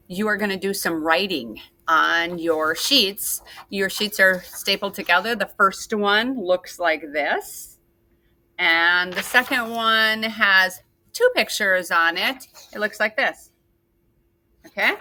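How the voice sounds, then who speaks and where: A woman's voice: mid-range voice, bright, forceful tone. A woman teacher leading a writing lesson for second graders, patient and sing-song as she walks them through each step. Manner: slow, patient, sing-song teacher talk to young kids. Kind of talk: recorded classroom lesson for children.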